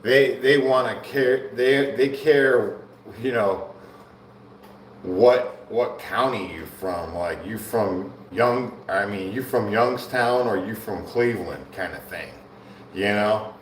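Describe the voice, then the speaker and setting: A man with a lowish voice and an unhurried delivery, carrying a slight hiss or hum, chats casually between sets on a live bodybuilding stream. He's laid-back, slangy, and laughs often. The room is echoey, the mic sits far away, and there's faint ambience.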